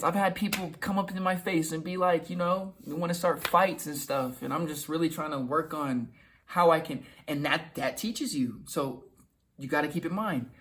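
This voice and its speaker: A young self-help video host offers casual motivational advice to the camera in a fairly high, fairly bright voice. He talks loosely and conversationally, repeats himself, and acts out quick quoted exchanges.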